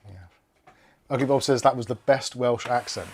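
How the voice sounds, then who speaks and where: A man's voice: mid-range voice, moderate pace. A man hosting a live PC build stream, chatting casually and reading out viewer comments while he works. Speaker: tech channel host.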